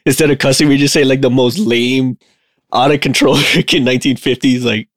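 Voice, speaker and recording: A man's voice: medium pitch, steady tone, a little fast, dry recording, studio quality. A man co-hosting a podcast, talking in a loose, rambling casual way. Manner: rambling, loose, filler-heavy. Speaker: podcast co-host. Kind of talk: casual chat.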